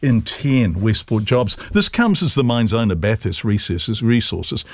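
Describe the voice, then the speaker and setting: A man presenting live radio, moving briskly between scripted news links and listener messages. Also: on the low side, expressive, darkish tone, dry recording. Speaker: radio host.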